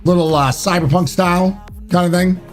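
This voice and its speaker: A man's voice: high-pitched, steady tone, moderate pace, faint music behind. A man hosting a live stream, chatting casually and greeting viewers by name. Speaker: streamer and podcast host.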